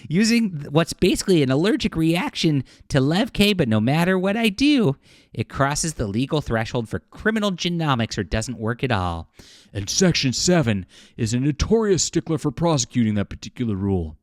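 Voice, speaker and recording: A man mockingly reading a comic-book woman scientist's lines in a raised, breathy, sing-song put-on voice. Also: a little high, very animated, moderate pace, no echo, clean studio sound, pitched above the performer's own voice.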